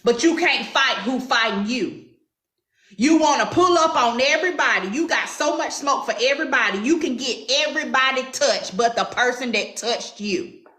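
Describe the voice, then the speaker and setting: A woman's voice: sits high, lively intonation, moderate pace, sharp tone, reverberant. A woman with a Southern drawl, hosting a heated commentary chat in a sassy, confrontational way. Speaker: commentary show host.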